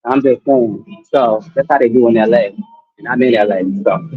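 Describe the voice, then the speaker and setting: Husky blunt man hosting a stream. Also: mid-range voice, moderate pace, narrow, tinny audio. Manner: blunt, skeptical, laughing asides. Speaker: host. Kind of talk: casual commentary on a live stream.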